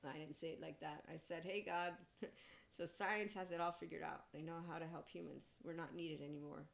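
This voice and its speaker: A woman's voice: low voice, steady tone, a little fast, gravelly. A woman hosting a podcast, talking in a rambling, casual spiritual monologue, laughing often and speaking bluntly with some profanity. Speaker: podcast host.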